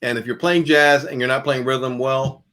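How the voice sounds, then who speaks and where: A man's voice: medium pitch, fairly even intonation, moderate pace, fairly bright tone. A man giving a jazz guitar masterclass, talking casually and calling out picking strokes as he demonstrates. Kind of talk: masterclass lecture.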